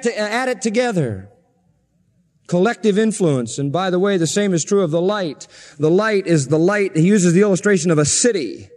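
Emphatic high-voiced male preacher, long reverb. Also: lively intonation, normal speed, darkish tone. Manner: emphatic, insistent preaching with repeated phrases. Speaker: pastor. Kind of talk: sermon.

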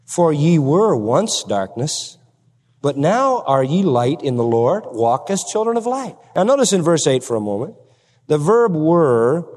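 A man's voice: fairly high pitch, a little mellow, in a large hall. A man preaching a sermon emphatically, asking his congregation rhetorical questions.

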